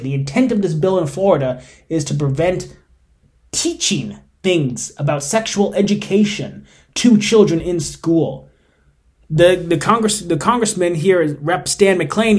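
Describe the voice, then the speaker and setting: A man with a voice pitched a little high delivers solo podcast commentary. He is emphatic and opinionated, leaning hard on key words before slipping into softer asides. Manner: emphatic and opinionated, swinging between loud stresses and quiet asides; suppressing laughter while reading. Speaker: podcast host.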